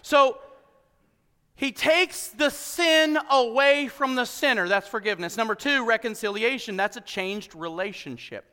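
A male pastor preaching a sermon, swinging from shouted emphasis to quiet low asides and joking with the congregation. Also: unhurried, clear, resonant tone, big-room sound. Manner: emphatic preaching, bursts into shouts then drops low and soft. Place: church hall with congregation.

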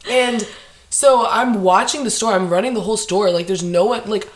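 A young woman hosting a podcast, telling an animated story with lots of laughter, frequent "like" and casual swearing. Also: medium pitch, moderate pace, a little hiss or hum. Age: young adult. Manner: animated, laughing, heavy use of "like", swears freely. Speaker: podcast host. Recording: echoey room.

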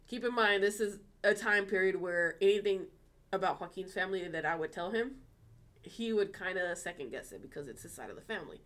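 Animated, cursing woman telling a story. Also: medium pitch, brisk. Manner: animated, swears freely, acts out quoted dialogue. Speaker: podcast co-host. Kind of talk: casual storytelling chat.

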